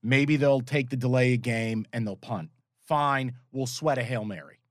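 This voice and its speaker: A man's voice: medium pitch, moderate pace, dry recording, clean studio sound. A man co-hosting a sports betting podcast, telling stories in a profane, exasperated way. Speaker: podcast co-host. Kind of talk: casual sports betting chat.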